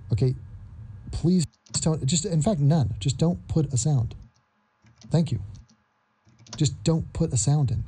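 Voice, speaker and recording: A man's voice: a little high, takes it slowly, pauses often, warm tone, breathy edge. A man hosting a ranting reaction commentary, sarcastic and repeating his phrases again and again. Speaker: commentary host.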